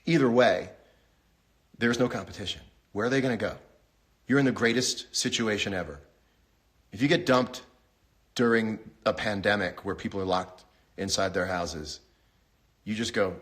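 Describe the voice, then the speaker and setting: A man hosting a casual livestream from his home, rambling through wry, deadpan jokes and talking to his viewers. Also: normal speed, long pauses. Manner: rambling, wry, deadpan humor with sudden pitch jumps. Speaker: host. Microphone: phone livestream.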